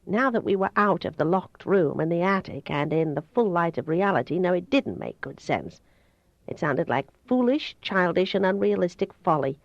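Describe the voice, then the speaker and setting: A woman reading a novel aloud in the first person with steady, even storytelling. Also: on the low side, moderate pace, no echo. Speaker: audiobook reader. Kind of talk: first-person audiobook narration. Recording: dull, dry home recording.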